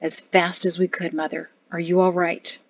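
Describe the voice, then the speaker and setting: A woman voicing a grown man, a son and husband, speaking calmly and wryly in a lowered voice. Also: normal speed, slightly rough, no room sound, lo-fi sound.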